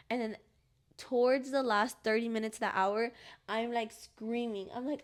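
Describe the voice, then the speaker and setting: A woman's voice: on the high side, steady tone, measured pace, a bit bright, clear, resonant tone. A young woman hosting a podcast, telling a personal story in casual, rambling chat full of "like". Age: young adult. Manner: rambling, fills every phrase with "like"; acts out her own past cries and pleas. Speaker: podcast host.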